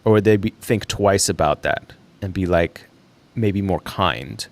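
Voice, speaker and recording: A man's voice: deep voice, measured pace. A young man hosting a casual solo livestream, thinking aloud in a rambling way with fillers and the odd laugh. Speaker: livestream host.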